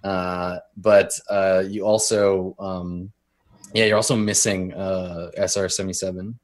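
A man's voice: low voice, little pitch movement, unhurried. A man running a tabletop role-playing game as game master, narrating scenes with frequent ums and uhs.

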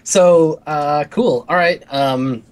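A man's voice: on the high side, slow pace. A man running a tabletop role-playing game as game master, narrating scenes and voicing characters with lots of fillers. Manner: rambling, filler-heavy narration.

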